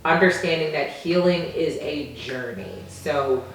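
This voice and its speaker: A woman with a low voice speaks as a relationship coach in a calm, measured way. She is heard from off the mic in a very echoey room. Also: recorded from a distance. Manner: calm, measured advice-giving. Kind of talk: casual interview chat.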